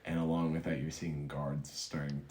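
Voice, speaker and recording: A man running a tabletop game as game master, halting and repeating himself. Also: rumbling low, level tone, a little mellow. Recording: roomy echo, faint noise.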